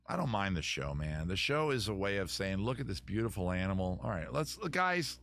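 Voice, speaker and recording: Rambling, low-voiced male live-stream host. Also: sing-song, a little fast, fairly bright tone, no room sound, studio quality. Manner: rambling, restarts sentences, swears casually. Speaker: live-stream host reading viewer comments. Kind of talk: casual live-stream chat.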